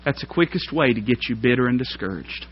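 A man preaching a sermon, folksy and plain-spoken, climbing to loud emphatic peaks. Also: mid-range voice, lively intonation, brisk, a little hiss or hum. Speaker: pastor. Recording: dull lo-fi sermon recording.

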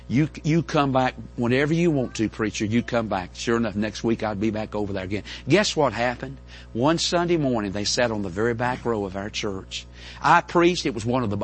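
Man preaching with a drawl, kinda husky, rambling folksy story to the church, lots of stammery restarts. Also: medium pitch, fairly bright tone. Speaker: pastor. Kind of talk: storytelling sermon. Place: church in front of a congregation.

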